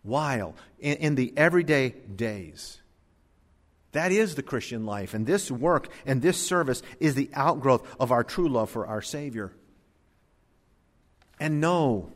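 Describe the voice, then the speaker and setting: A man's voice: mid-range voice, animated, measured pace, long pauses, a bit bright. A man preaching a sermon, earnest, building emphatic lists. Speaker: pastor. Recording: long hall reverb.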